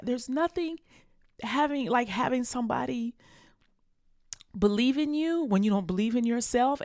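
A woman's voice: on the high side, a little mellow, no room sound, studio quality. A woman, hosting her own podcast in an earnest, emotional, encouraging way, casual and full of slang. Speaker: podcast host. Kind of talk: heartfelt solo podcast talk.

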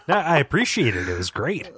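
A man's voice: a little high, a bit bright, breathy edge, dry recording. A man guesting on a podcast who reads a listener email aloud and makes wry remarks, laughing easily. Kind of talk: casual chat, reading an email aloud.

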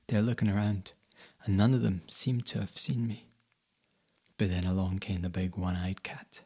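A man telling a folk tale in the first person, dramatic, dropping to whispers and rising to sudden loud bursts. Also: low-pitched, fairly even intonation, moderate pace, breathy edge. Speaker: storyteller.

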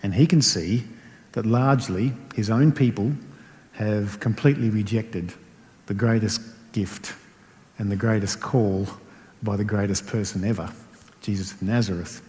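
A man's voice: on the low side, unhurried, darkish tone. A middle-aged man preaching a conversational sermon, stacking repeated rhetorical phrases. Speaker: pastor. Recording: long hall reverb.

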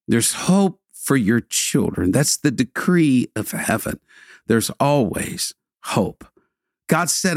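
A man preaching a sermon in an earnest, measured way, slowing for dramatic pauses and dropping to a soft hush at tender moments. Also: medium pitch, very animated, no room sound, clean studio sound.

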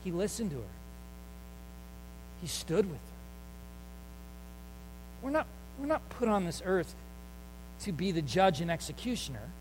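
A man preaching a sermon with a notably high voice. He tells his story conversationally, with fillers and restarts, then leans in with emphasis. His voice rings out with a long tail of reverb, as if spoken in a large sanctuary. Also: very animated, unhurried, pauses often, darkish tone, a little hiss or hum. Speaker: pastor.

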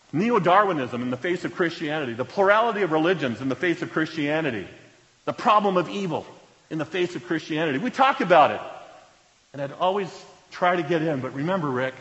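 A man preaching a sermon as a pastor, telling stories earnestly and dropping to a hush at solemn moments. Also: on the high side. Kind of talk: sermon storytelling. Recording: reverberant hall, dull lo-fi sound.

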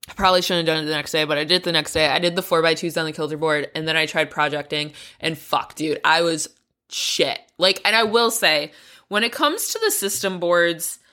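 A woman's voice: fairly low pitch, pushed and bright. A young adult woman talking candidly in a casual training vlog, swearing freely and laughing at herself. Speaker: climbing vlogger.

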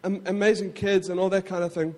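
A man preaching a sermon in a conversational way, with frequent asides to the congregation and quick self-corrections. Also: high voice, little pitch movement, darkish tone, big-room sound. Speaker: pastor.

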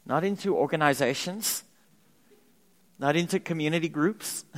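Male pastor, emphatic sermon delivery, slightly high voice, long church-hall reverb. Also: a little slow, pauses often. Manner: animated, emphatic preaching with repetition. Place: church sanctuary.

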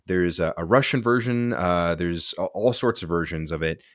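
Young male podcast co-host, low pitch, dry mic, rambling casual delivery. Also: normal speed, no echo. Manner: laid-back, tangent-prone, says "dude" and "like" often. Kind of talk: casual movie-review chat.

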